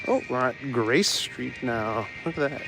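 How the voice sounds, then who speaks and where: A man's voice: mid-range voice, unhurried, gravelly, over music, low-quality recording. A man hosting a live stream while walking city streets at night, casually chatting and joking with viewers as he reads their messages aloud.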